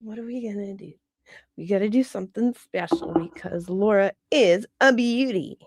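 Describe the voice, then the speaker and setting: A woman's voice: mid-range voice, normal speed, no room sound, studio quality. A woman hosting a livestream, chatting casually in a gossipy way and laughing often. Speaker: livestream host.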